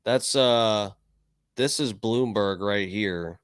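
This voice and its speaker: Man, streamer reacting live, slow rambling talk, profane, smooth clear voice. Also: lowish voice. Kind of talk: casual live reaction commentary.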